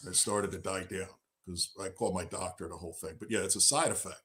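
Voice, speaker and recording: A man co-hosting a live talk show who tells animated, joking stories and argues his points emphatically. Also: deep voice, fast, slight background noise. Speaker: co-host. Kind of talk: casual chat.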